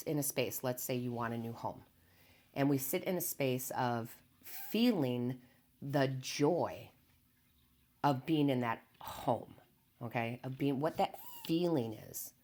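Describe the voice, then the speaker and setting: Very low-voiced calm spiritual woman. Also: unhurried. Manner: calm, earnest, not hyped up, repeats key phrases. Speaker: tarot reader and medium. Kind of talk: spiritual motivational talk to camera.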